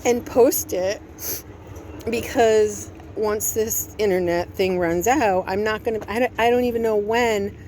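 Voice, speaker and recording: Sitting in a parked vehicle in a resort parking area, a woman records a candid personal vlog, overwhelmed and anxious, rambling and jumping between topics. Her mid-range voice is unhurried and a little mellow, with slight background noise.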